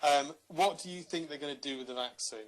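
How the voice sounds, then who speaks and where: A man's voice: fairly high pitch, brisk, poor audio. A man co-hosting a casual podcast chat, prodding with skeptical questions. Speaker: podcast co-host.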